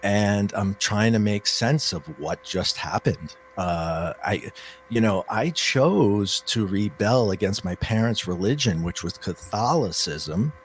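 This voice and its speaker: A man telling an interviewer the story of his own near-death experience in earnest, halting speech with many fillers and restarts. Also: on the low side, animated, slight background noise.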